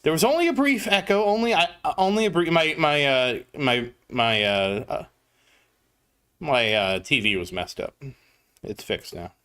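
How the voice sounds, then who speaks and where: Lively, bright-voiced man streaming a game. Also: on the high side, normal speed, clear, resonant tone. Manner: chatty, greets chat viewers by name. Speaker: gaming livestreamer. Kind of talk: casual gameplay commentary.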